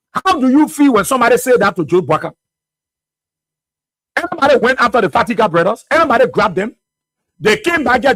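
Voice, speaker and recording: A man's voice: extremely high pitch, a bit bright, no echo. A Liberian man hosting a radio talk show, delivering fiery political commentary full of rhetorical questions. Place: radio studio.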